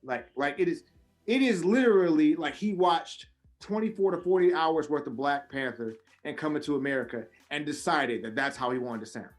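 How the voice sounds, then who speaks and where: Animated, ranting man with a fairly high voice. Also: normal speed, soft background music. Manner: animated, profane ranting with big pitch swings. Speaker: podcast co-host. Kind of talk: casual wrestling podcast chat.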